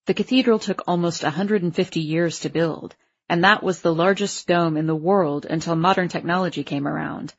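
Woman reader voicing a fatherly grown man, easygoing explainer, low husky tone, dull lo-fi sound. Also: brisk. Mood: explaining. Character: friendly grown man, a father, tour guide.

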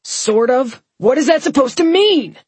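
A woman voicing a jealous, quick-tempered adult man in an audiobook, whose voice rises into shouts when angered. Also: low voice, expressive, slightly rough, dry recording, heavily acted. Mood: angry. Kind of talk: audiobook dialogue.

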